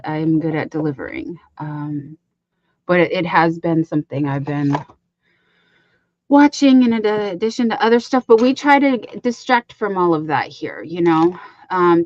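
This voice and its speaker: A woman's voice: medium pitch, a little mellow, no echo, dull audio. A woman co-hosting a crochet livestream, talking in a chatty, rambling way with lots of fillers. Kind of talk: casual livestream chat.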